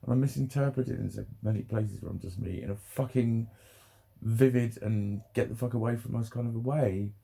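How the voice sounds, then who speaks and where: A man's voice: mid-range voice, normal speed, vocal fry, mellow, husky. A man rambling emotionally in a personal vlog, laughing often and swearing a lot. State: emotional, near tears. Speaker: vlogger.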